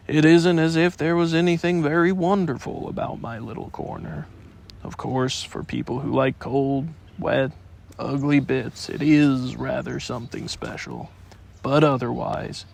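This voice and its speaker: A gloomy old donkey drags out every word in a slow, self-pitying drawl, as a man reads him aloud. His voice sits low and gravelly and barely rises, thick with sarcasm. A storybook voice full of sulky resignation. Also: darkish tone.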